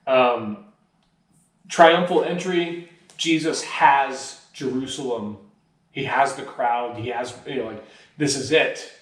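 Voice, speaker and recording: A man's voice: mid-range voice, slow, fairly bright tone. A man preaching a conversational sermon, telling a story in a casual, everyday way. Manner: casual storytelling, voices quoted lines animatedly. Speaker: pastor. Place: church. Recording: roomy, picked up from a distance.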